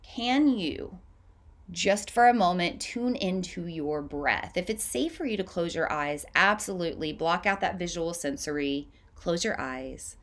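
Female host, calm unhurried meditation guide, slightly low voice, long soft pauses. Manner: slow, gentle, soothing guidance with long pauses. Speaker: podcast host leading a breathing practice.

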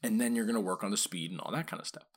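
A man hosting a podcast about dog training, talking casually and asking his listeners rhetorical questions. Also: lowish voice. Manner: conversational, asks rhetorical questions, acts out quick quoted lines.

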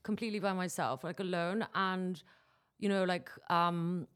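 A young woman guest in a casual interview, talking about her work and often laughing, getting animated when excited. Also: on the low side, normal speed, clean tone. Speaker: guest, coding educator and YouTuber.

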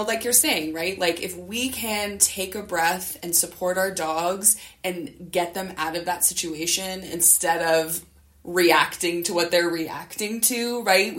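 A woman hosts a podcast about dogs in a casual interview chat, speaking loosely and conversationally with lots of "right?" and "you know." Her lowish voice has a fairly bright tone, and the room is echoey.

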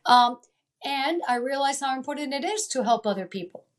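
A woman from Italy and Venezuela talks as a coach in an interview. Her voice sits a little high. She is emphatic and keeps repeating her main points in motivational talk. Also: normal speed. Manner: emphatic, repeats key phrases. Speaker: guest, life coach.

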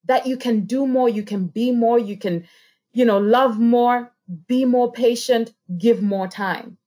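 A woman's voice: fairly high pitch, unhurried, dark tone. A woman speaking in an earnest, heartfelt personal monologue on a podcast, repeating phrases for emphasis.

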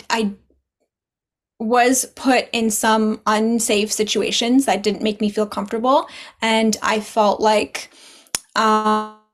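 A young adult woman guest on a podcast, talking earnestly and encouragingly in casual conversation. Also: mid-range voice. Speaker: podcast guest, spiritual business owner.

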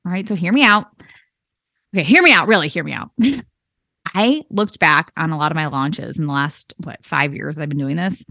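A woman in her thirties with a low voice hosts a solo business-coaching podcast, delivering a pep talk at a moderate pace. The sound is clean studio audio without echo. She's chatty, animated and encouraging, laughing often and dropping fillers like "okay" and "all right."

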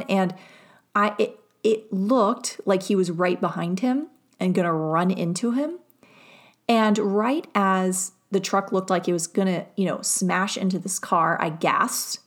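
A woman's voice: medium pitch, unhurried. A young adult woman, a podcast host and nervous system coach, telling a personal story in a rambling, self-reflective way with many fillers.

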